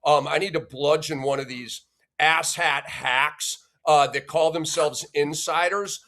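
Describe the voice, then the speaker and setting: High-voiced man ranting about sports. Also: fairly even intonation, measured pace, fairly bright tone. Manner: emphatic, punctuates points with "okay?"; blunt and insulting toward critics. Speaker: sports podcast host. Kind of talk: opinionated sports talk rant.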